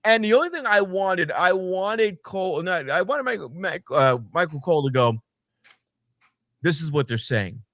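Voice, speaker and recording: A fairly high-voiced man riffs on wrestling in a loose, profane co-host chat. He talks animatedly and breaks into mocking voices, recorded close and dry with no room sound. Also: expressive, normal speed, fairly bright tone, dry recording. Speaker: podcast co-host. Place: home setup, streaming remotely.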